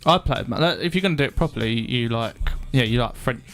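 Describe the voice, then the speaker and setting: A young man chatting as a podcast guest, halting and hesitant, with many restarts. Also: medium pitch, lively intonation, fairly bright tone, soft background music. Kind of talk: casual chat.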